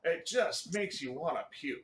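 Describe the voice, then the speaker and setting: A man co-hosting a casual livestream chat, loud and laughing often, with plenty of swearing. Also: a little high, expressive, moderate pace, over a noisy crowd. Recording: roomy echo.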